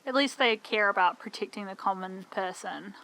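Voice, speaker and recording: Excitable bright-voiced woman gaming. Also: medium pitch, moderate pace, gravelly, no room sound, rough recording. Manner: excitable, playful, exclamatory. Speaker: let's play co-host. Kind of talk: casual gameplay chat.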